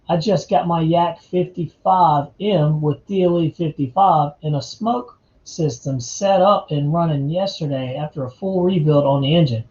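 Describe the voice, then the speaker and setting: A man's voice: on the high side, mellow, roomy sound, muffled recording. A man from North Carolina, hosting a casual live chat, laid-back and chatty and calling his viewers man and dude. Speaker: livestream host.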